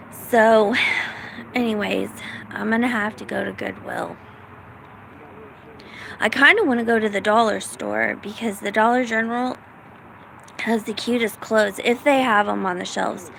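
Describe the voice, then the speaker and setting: A woman's voice: medium pitch, fairly even intonation, unhurried, creaky, long pauses, a bit bright, slight background noise, rough recording. A middle-aged woman from the United States, rambling casually in a self-deprecating vlog with lots of fillers. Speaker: vlogger.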